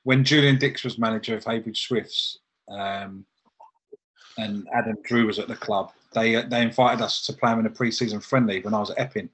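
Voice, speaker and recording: Husky man telling stories. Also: lowish voice, brisk, low-quality recording. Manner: laughing, animated storytelling. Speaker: football manager guest. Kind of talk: casual chat.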